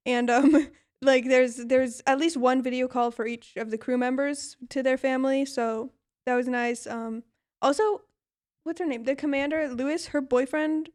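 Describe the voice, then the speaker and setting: High-voiced young woman, chatty co-host. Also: normal speed. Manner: animated, laughs often, retells scenes with quoted voices. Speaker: podcast co-host. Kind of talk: casual chat.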